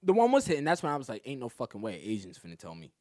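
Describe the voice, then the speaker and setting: Lively man telling a wild story. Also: medium pitch, very fast, no room sound, clean studio sound. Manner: animated, acts out other people's lines, laughs a lot. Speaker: comedian guest. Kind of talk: casual podcast storytelling.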